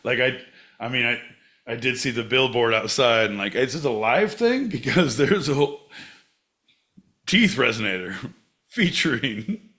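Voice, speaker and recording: A man co-hosting a podcast, bantering sarcastically and crudely, with sudden loud outbursts. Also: medium pitch, animated, moderate pace. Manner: sarcastic, profane, bursts into loud shouting. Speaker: podcast co-host.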